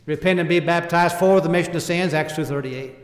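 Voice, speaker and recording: A man delivers a sermon in a fairly high voice, pressing each point in short, earnest phrases and slipping into King James wording when he quotes scripture. His voice rings out in a roomy hall with a long reverb tail. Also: fast talker. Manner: speaks in short emphatic phrases, voice rising and falling in volume. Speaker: preacher.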